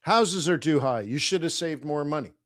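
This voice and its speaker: A man's voice: on the high side, expressive, moderate pace, a bit bright, no echo, studio quality. A man hosting a live trading stream, talking casually in a rambling, conversational way and chuckling often. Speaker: forex trading livestream host. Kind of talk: casual livestream commentary.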